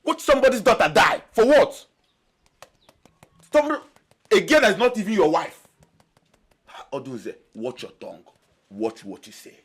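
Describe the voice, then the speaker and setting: An actor with a Nigerian accent playing a reproachful friend. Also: male voice, on the low side, moderate pace, mellow, husky. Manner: reproachful, pleading. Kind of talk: film acting.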